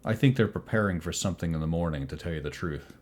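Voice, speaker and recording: A man's voice: low-pitched, fast, a little mellow, lightly acted. A man voicing a tired, embarrassed man who speaks in a sighing, confiding way. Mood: weary. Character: weary, embarrassed man at the compound.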